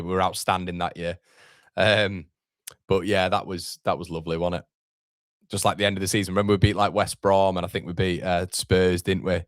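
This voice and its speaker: In a clean, dry studio recording, a man with a low voice hosts a fan channel's live football watchalong. He chats casually, reacts to the match, and reads viewer comments aloud.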